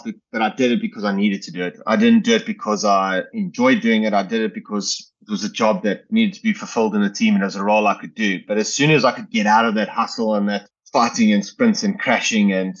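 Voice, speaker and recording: A man's voice: lowish voice, highs cut off. A man from South Africa, a professional cyclist, telling stories in a casual interview, rambling with many fillers and restarts. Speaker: guest, retiring pro cyclist.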